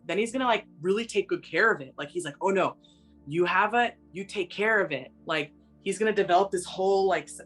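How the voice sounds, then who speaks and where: A woman working as a psychic medium, talking in a gentle, meandering way full of fillers, with soft music behind her. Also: fairly low pitch. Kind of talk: casual spoken reading.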